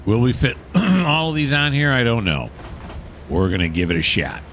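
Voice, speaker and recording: A man's voice: mid-range voice, expressive, normal speed, fairly bright tone, a little hiss or hum. A man casually commentating his train-simulator play, chatty and mildly sarcastic, talking to himself and the game. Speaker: gaming channel host.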